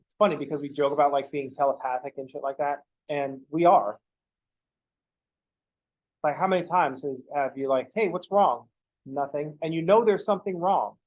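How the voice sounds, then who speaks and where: Joking male math lecturer, higher voice. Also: normal speed, darkish tone, rough recording. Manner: joking, rambling aside to students. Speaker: math professor. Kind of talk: classroom lecture. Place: classroom with students.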